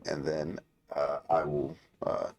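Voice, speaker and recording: A man's voice: very deep voice, monotone, takes it slowly, a little mellow. A man playing a tabletop role-playing game, speaking hesitantly with many fillers. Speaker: player.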